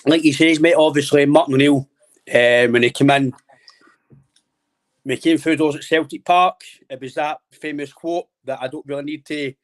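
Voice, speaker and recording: A man's voice: a little high, fairly even intonation, normal speed. A man in his twenties, hosting a casual football podcast and chatting in a friendly, rambling way. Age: 20s. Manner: friendly, rambling, says "mate" constantly. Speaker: podcast host.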